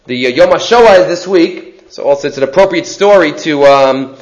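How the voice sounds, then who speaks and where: High-voiced man teaching a Torah class. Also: lively intonation, moderate pace, darkish tone, dull audio. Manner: mixes in Hebrew terms, often asks "right?".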